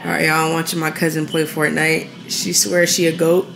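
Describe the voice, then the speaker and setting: A woman's voice: sits low, level tone, normal speed, gravelly. A woman in her twenties talking casually to her viewers while cooking and hanging out at home, addressing them as "y'all". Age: 20s. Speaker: vlogger. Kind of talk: casual vlog chat. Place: home kitchen and living room. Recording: echoey room with background noise.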